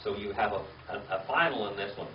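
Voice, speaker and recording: A man's voice: on the low side, fast, slight background noise. Man, Bible class teacher, patient lecturer, off-mic in a live room, muffled lo-fi tape. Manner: patient, checks in with "okay?" and "all right?". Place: church classroom with a live audience. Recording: roomy, distant, dull lo-fi room recording.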